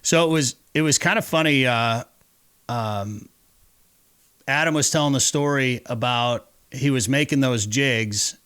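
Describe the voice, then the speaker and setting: A man's voice: mid-range voice, measured pace, fairly bright tone, smooth, no room sound. Fishing show host guy, chatty rambling stories, mid voice, dry close sound. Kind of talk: casual interview chat.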